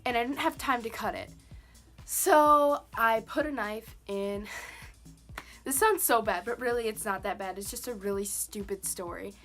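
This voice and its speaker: A woman's voice: mid-range voice, fairly bright tone. A young woman chatting casually to the camera, telling a personal story with many "like" and "um" fillers. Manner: chatty, lots of "like" and "um". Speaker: vlogger.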